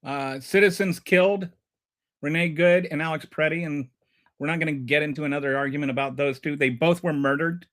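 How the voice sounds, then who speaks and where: A man's voice: fairly high pitch, fairly even intonation, brisk, fairly bright tone. A man hosting a live stream and ranting about politics. He is heated and sarcastic, and he stumbles and repeats words when he gets flustered.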